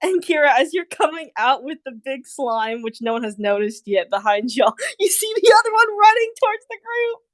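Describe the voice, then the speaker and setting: A woman's voice: high voice, big pitch swings, normal speed, few pauses, no echo, clean studio sound. A young adult woman narrating a tabletop game as dungeon master, giggling between lines.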